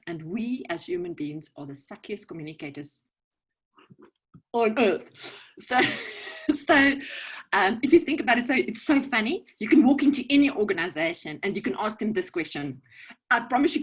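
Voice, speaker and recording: A woman with a South African English accent gives practical advice in a lively, joking tone. Her voice is a little husky and sits at a middle pitch. She talks over a video call. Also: moderate pace, rough recording. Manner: lively, joking, direct with frequent "okay?" and "right?". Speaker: guest speaker at a networking event. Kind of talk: casual coaching talk. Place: virtual event, video call.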